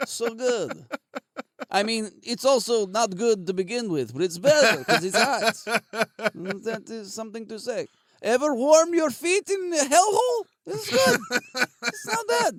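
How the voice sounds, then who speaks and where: A man voicing a cheerful Siberian man with a put-on Russian accent, speaking broken English and boasting deadpan. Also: very high voice, measured pace, no room sound, full character voice. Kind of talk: comedic improv bit.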